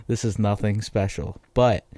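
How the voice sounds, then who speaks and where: A man's voice: fairly low pitch, steady tone, measured pace, dark tone, no echo. Profane rambling young man. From Massachusetts. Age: 20s. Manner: profane, rambling, self-deprecating. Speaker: podcast host. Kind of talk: casual solo podcast rant.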